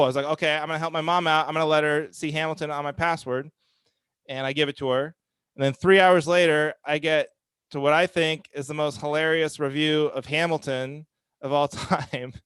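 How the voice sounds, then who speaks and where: A man's voice: a little high, fairly even intonation, moderate pace, a bit bright, smooth, no room sound. A man in his thirties doing a stand-up comedy set, telling self-deprecating stories in a dry manner and acting out quotes.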